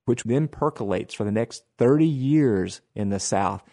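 A man's voice: fairly low pitch, animated, unhurried, mellow. A man co-hosting a history talk, explaining with a wry, folksy manner and frequent laughs. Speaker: history podcast co-host. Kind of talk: casual history discussion.

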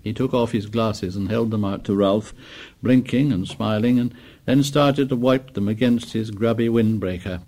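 A man narrating an audiobook in a measured, descriptive way. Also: fairly low pitch, warm tone.

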